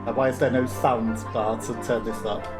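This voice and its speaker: A woman's voice: extremely low pitch, level tone, normal speed, loud music behind the voice. A Welsh woman streaming a game with casual, self-deprecating commentary and frequent laughter. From Wales. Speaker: let's play streamer.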